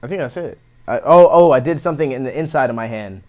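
A man's voice: mid-range voice, animated, quick pace, a little mellow. A young man in his twenties telling stories in a casual chat, rambling, slangy and full of profanity. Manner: rambling, slangy, heavy profanity, fillers of "bro" and "like".

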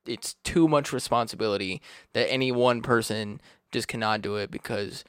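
A man's voice: on the low side, moderate pace, a bit bright, smooth, no echo, clean studio sound. A man with an Australian-tinged accent hosting a casual podcast, rambling through his opinions with laughs. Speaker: podcast host.

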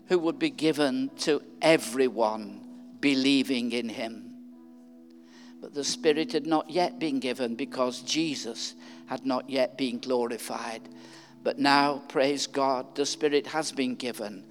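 An older man delivers a sermon at a slow, unhurried pace. He stops and restarts often as he feels his way through each thought. His voice carries a long reverb from a church hall. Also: medium pitch, faint music behind. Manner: unhurried, halting, with many restarts. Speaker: preacher. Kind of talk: sermon with altar call.

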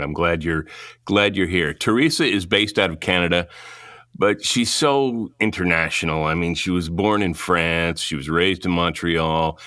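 Rambling male podcast host, deep and bright. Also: no echo, studio quality. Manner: rambling, repeats words while thinking aloud. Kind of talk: casual interview chat.

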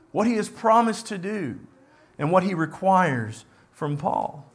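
A man's voice: high-pitched, fairly bright tone. A man preaching a sermon, earnest and repetitive for emphasis as he reads scripture aloud.

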